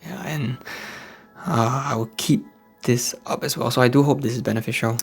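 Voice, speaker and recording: A man from Singapore with a Singaporean English accent, hosting a casual motivational vlog from home late at night and talking softly in a hushed indoor voice. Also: medium pitch, steady tone, moderate pace, slightly rough. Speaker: host of a faith-based channel for men. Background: faint background music.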